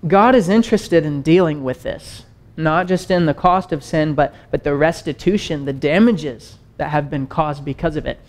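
A man's voice: on the high side, moderate pace, darkish tone. A man preaching in a conversational teaching style, explaining with rhetorical questions. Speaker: pastor. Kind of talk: teaching sermon.

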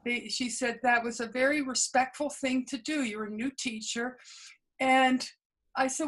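A woman's voice: high-pitched, fairly even intonation, unhurried, fairly bright tone, rough recording. A woman guest in an interview, earnestly recounting past experiences and acting out quoted dialogue, with frequent small restarts. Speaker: interview guest, memoir author. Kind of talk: conversational storytelling.

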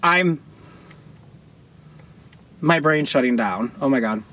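A young man reacting to a music video from his car, gushing and sassy, with loud outbursts and laughter. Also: mid-range voice, expressive, slow, pauses often. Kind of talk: excited reaction commentary. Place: in a parked car outdoors.

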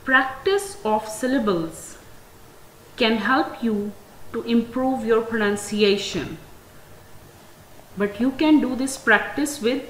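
Very slow-speaking woman teacher. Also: a little high. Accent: Pakistani English. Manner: very slow and deliberate, stressing example words. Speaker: English teacher. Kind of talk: classroom lecture. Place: school classroom. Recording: echoey room, faint ambient noise.

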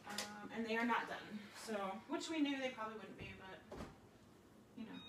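A woman's voice: a little high, moderate pace, background noise. A woman in her thirties hosting a live cooking demonstration from her home kitchen. She talks in a chatty, rambling way, often correcting herself mid-sentence, and her voice sounds slightly worn.

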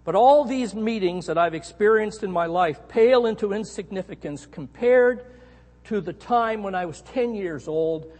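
A middle-aged Canadian man preaching a sermon, telling a story with animated emphasis on key words. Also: high voice, normal speed. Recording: echoey hall.

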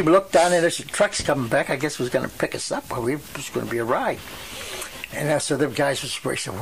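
An elderly man from western Pennsylvania, interviewed for an oral history, reminisces in a rambling way and acts out the voices of people he quotes. His gravelly voice sits a little high for a man, with a faint hiss under the recording.

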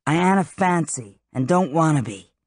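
A reader voicing Han, a wary young man from the streets who speaks in a curt, defiant way with rough slang. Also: medium pitch, animated, normal speed, a little mellow, dry recording, studio quality, close to an everyday voice. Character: blunt, wary young male street fighter. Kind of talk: audiobook character reading.

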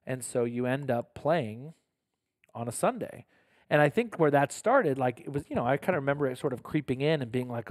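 Earnest priest host, dry sound. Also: male voice, medium pitch, animated, a little fast, no echo. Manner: earnest, self-correcting, lots of restarts. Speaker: pastor and podcast host. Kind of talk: casual podcast conversation.

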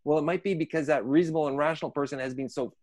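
A man's voice: a little high, fairly even intonation, rapid-fire, darkish tone. A man who trains people in conflict management, explaining ideas conversationally and acting out inner voices in short asides. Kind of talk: conversational teaching on a podcast.

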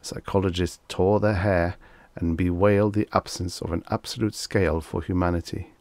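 A deep-voiced man reads vintage science fiction aloud, measured and dramatic. His low voice carries a gravelly texture, and the recording is close and dry with no room sound. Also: fairly even intonation, a little mellow, no echo. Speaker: audiobook narrator.

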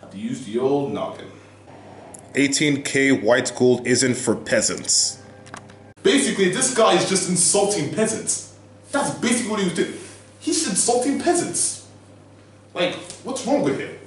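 A young man with a fairly high voice rants in a mocking, exaggerated way, his pitch leaping all over. He sounds set back from the mic in a very echoey room. Guitar music plays clearly behind him. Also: very animated, moderate pace, a little hiss or hum. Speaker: YouTuber. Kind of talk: casual reaction commentary. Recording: roomy, distant mic with music playing.

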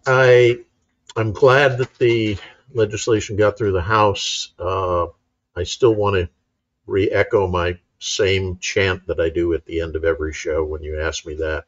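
Deep-voiced, earnest male panelist; dull lo-fi remote mic. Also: level tone, unhurried, no echo. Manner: earnest, urging. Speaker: panel guest. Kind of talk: casual live-stream chat.

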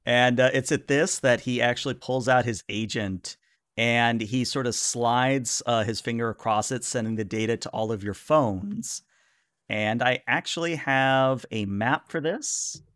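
A man narrating a tabletop role-playing game as game master, relaxed and filling pauses with "uh". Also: mid-range voice, clean tone, dry recording, studio quality. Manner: relaxed narration with many "uh" fillers.

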